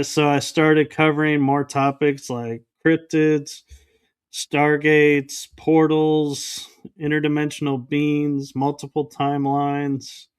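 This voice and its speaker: A man guest on a podcast, telling a personal story in a casual, animated way and acting out the dialogue he quotes. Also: fairly high pitch, clear, resonant tone.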